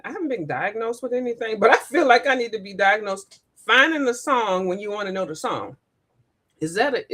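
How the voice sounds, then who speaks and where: Woman w/ aave chatting on her live stream, highish voice swinging all over, keeps laughing and singing bits. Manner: animated, laughs often, sings and mimics lines. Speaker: livestream host. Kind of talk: casual live chat.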